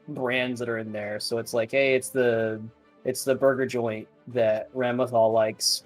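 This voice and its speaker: A man streaming a fighting game with a friend, chatting casually, joking and swearing. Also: mid-range voice. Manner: joking, profane, rambling. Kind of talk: casual gaming chat.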